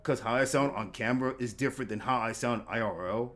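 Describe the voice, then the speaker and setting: A man hosting a casual interview podcast, talking in a halting way with repeated words and lots of fillers. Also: mid-range voice, fairly bright tone. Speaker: podcast host.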